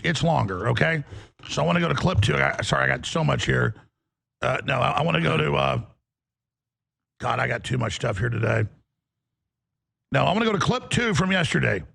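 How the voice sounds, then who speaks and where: A man hosts a political talk show in a deeply gravelly, rasping voice. He rambles, doubling back on words and restarting sentences. His voice sits somewhat high for a man. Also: fairly bright tone.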